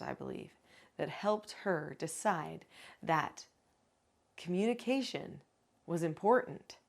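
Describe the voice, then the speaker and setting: A woman working as a parenting educator and author, calmly explaining parenting skills step by step in an advice video. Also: fairly low pitch, creaky. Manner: calm, instructive, explains step by step.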